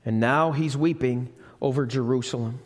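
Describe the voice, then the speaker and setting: A man's voice: medium pitch, moderate pace. A male pastor preaching a sermon. He speaks with emphasis, repeats key phrases and asks the congregation questions. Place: church. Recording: live church recording with long reverb.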